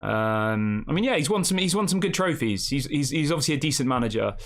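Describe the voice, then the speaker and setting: A man's voice: medium pitch, animated, a little fast. A man hosting a fan channel live stream, rambling casually and reacting to the chat with rhetorical questions.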